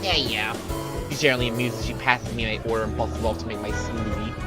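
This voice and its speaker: A man streaming himself reading a visual novel aloud, narrating and then ranting in an animated way, full of "like.". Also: on the low side, rapid-fire, rough recording. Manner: animated, frequent filler "like". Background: game music.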